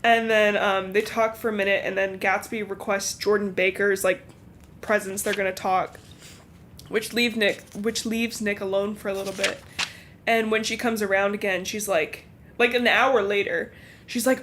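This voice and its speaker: A young woman co-hosting a casual book podcast, animated, laughing often and acting out the characters' lines as she retells the story. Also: mid-range voice, moderate pace, a little hiss or hum. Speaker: podcast host. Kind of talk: casual book-club chat.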